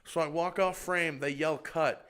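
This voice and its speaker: A man with a Texan accent, a comedian telling an animated story on a podcast and acting out other people's lines. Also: measured pace. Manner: animated, acts out other people's lines with big pitch jumps. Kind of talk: casual storytelling chat.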